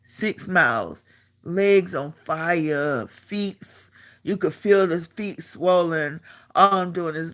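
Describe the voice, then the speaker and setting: A middle-aged woman and army veteran, casually telling a story to the camera in an animated way, often repeating herself and laughing. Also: fairly low pitch, takes it slowly.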